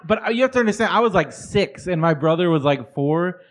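Laid-back man, slightly high voice. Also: expressive, fairly quick. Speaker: podcast co-host. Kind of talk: casual chat.

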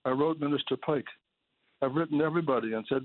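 A man, a hoarse charity manager calling in to a radio show, exasperated and pleading, repeating himself. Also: fairly high pitch, quick pace, no room sound. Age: 70s. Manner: exasperated, pleading, repetitive outbursts. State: hoarse, losing his voice. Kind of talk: call-in radio complaint. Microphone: telephone. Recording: tinny phone line.

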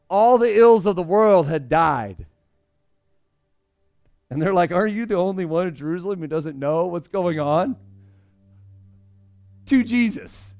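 A man preaching a conversational sermon, swinging between loud emphasis and hushed asides. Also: high-pitched. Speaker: pastor.

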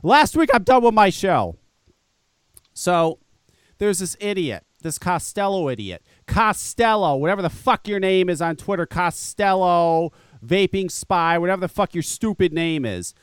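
On a live podcast, a male host rants angrily, swearing, mocking the people he discusses and laughing at critics. His voice sits high with lively intonation, a little slow, clear and resonant, with no echo.

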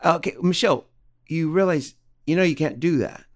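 A man co-hosting a podcast in casual chat, teasing and quick with jokes. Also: on the high side. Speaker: podcast co-host.

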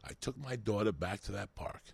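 A man's voice: fairly low pitch, a little fast, vocal fry, husky, dry recording. A man telling rambling, profane stories as a comedian guest on a podcast. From New York. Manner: animated, swearing, rambling.

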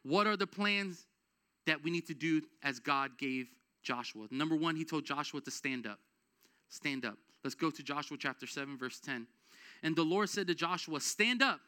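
A man's voice: on the high side, moderate pace, clear, resonant tone. A man preaching a sermon as pastor, casual and conversational, building to emphatic exhortation. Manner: energetic, rises to emphatic exhortation.

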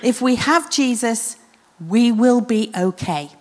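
A woman preaching a sermon in an earnest, reflective way, with emphatic repetition and often dropping to a soft hush. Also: a little high, expressive, takes it slowly. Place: church hall. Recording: church hall with long reverb.

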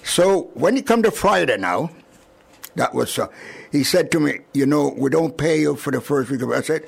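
An older man from Jamaica with a Jamaican accent, recalling his arrival in an oral history interview with chuckles and lively retelling. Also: fairly high pitch, moderate pace, vocal fry, slightly rough. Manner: chuckling, animated storyteller.

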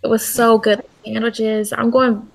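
A woman's voice: on the high side, level tone, unhurried, gravelly. A young adult woman from the United States, chatting expressively as the interviewee in a casual interview.

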